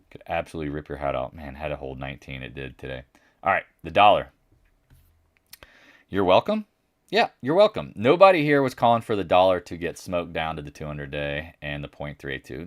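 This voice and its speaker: A man doing a live market chat, blunt and brash, swinging between loud remarks and muttered asides, and mocking other people in a higher voice when he quotes them. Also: no room sound, clean studio sound. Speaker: market commentator.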